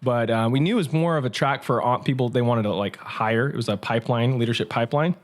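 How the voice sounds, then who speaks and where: A man who is a pastor, telling his story in an energetic, conversational interview. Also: medium pitch. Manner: energetic, quick, with restarts. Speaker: pastor and guest.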